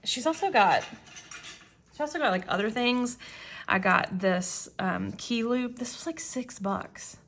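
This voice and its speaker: A woman's voice: on the high side, unhurried, a bit bright. A woman in her thirties chatting casually as she flips through her planner, rambling and self-deprecating, with frequent restarts and fillers. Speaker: planner vlogger.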